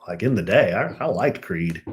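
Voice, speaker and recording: Chatty man with a lively voice. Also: normal speed, slight background noise. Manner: chatty, turns exasperated and high-pitched when ranting. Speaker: live stream host. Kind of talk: casual chat with viewers. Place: at home.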